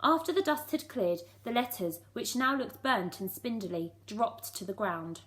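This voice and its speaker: A woman's voice: on the high side, animated, a little slow, fairly bright tone. A woman reading a storybook aloud. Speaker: primary school teacher.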